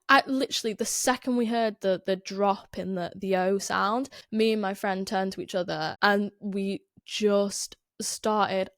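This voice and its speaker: Young Northern English woman, podcast host, rambling casual chat, mid pitch, close dry sound. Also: steady tone, a little slow, few pauses, no room sound. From Northern England. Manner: chatty, rambling, many "like" fillers, self-interrupting.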